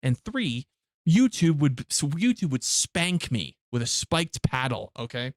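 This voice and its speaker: A man's voice: on the high side, very animated, measured pace, no echo, clean studio sound. A man streaming a game live, chatting casually with his viewers in blunt, heavily profane rants. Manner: blunt, profane ranting to chat.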